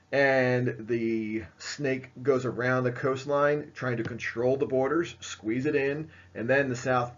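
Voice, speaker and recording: Casual male history teacher, lo-fi sound. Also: mid-range voice. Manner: casual, filler-heavy, pointing at slides. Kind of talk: recorded classroom lecture.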